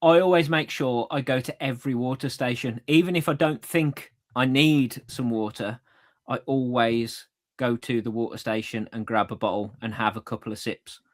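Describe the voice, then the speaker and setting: A man co-hosting a casual podcast, relaxed and a little hesitant, repeating himself as he talks. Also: medium pitch, moderate pace. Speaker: podcast co-host. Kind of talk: casual chat.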